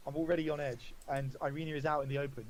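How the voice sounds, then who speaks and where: A man's voice: on the high side, little pitch movement, very fast, a little hiss or hum, natural voice, rough recording. A man voicing Mark, a nervous male traveling companion, in an anxious, pleading tone in a tabletop game.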